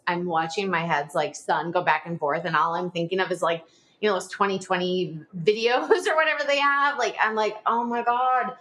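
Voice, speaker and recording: A woman's voice: on the low side, a bit bright. A woman in her forties telling a personal story as a podcast guest, chatty, with lots of "like" fillers and short nervous laughs.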